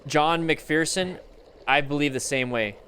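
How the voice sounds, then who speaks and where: A man hosting a casual livestream, reacting to motorcycle clips, chatty and excitable, greeting viewers and swearing now and then. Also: on the high side, measured pace, slight background noise.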